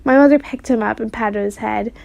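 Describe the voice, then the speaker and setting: A woman reading a children's chapter book aloud in steady storytelling narration. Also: a little high, a little fast, creaky, dry recording. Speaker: reader.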